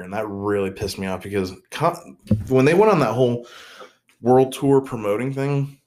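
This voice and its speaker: A young man hosting a casual solo podcast, rambling and joking at his own expense, often trailing off and restarting. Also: fairly low pitch. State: mentally tired. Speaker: podcast host.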